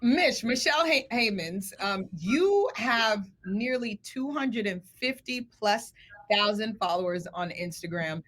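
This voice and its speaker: A woman co-hosting a TV talk show, giving lively, enthusiastic introductions. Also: medium pitch, measured pace, faint music behind. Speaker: co-host.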